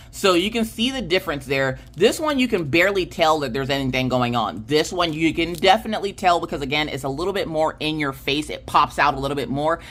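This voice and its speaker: A chatty woman with a low voice talks through a craft unboxing. She gets excited, then catches and corrects her own slips. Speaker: craft video host. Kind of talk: casual unboxing chat.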